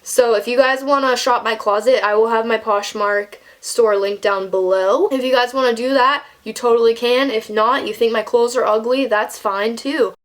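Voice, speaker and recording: A woman's voice: fairly high pitch, moderate pace, hardly any pauses. A young woman telling a storytime vlog in a chatty, casual way, with lots of "like" fillers. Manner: chatty, filler-heavy, animated when retelling. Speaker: vlogger.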